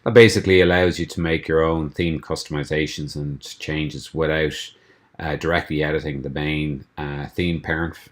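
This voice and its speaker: A man from a theme company walking through a screencast tutorial, explaining steps in a relaxed way with frequent ums and restarts. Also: very deep voice. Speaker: theme developer giving a tutorial.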